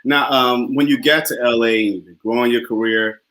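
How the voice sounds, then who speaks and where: Man, host, mid-range voice, casual, repeats himself, quick affirmations. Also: mid-range voice, fairly even intonation, a bit bright. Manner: easygoing, repeats words, brief affirmations. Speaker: talk show host. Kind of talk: casual interview chat.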